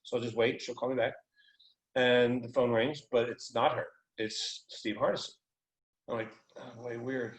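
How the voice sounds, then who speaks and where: American guy telling a story, slangy and animated, mid voice, echoey room. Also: mid-range voice, moderate pace. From United States. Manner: animated, informal, profane. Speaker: guest. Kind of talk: casual storytelling.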